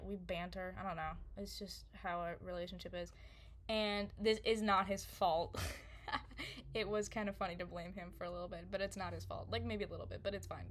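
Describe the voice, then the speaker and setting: A young woman telling a story casually to camera, rambling, laughing often and full of fillers. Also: mid-range voice. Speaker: vlogger.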